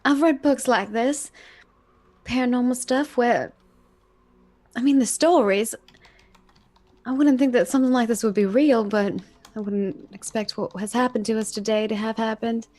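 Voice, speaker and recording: A woman's voice: a little high, moderate pace, long pauses, a little mellow. A woman playing in a tabletop role-playing game, musing thoughtfully in character. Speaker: player. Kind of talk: casual tabletop play.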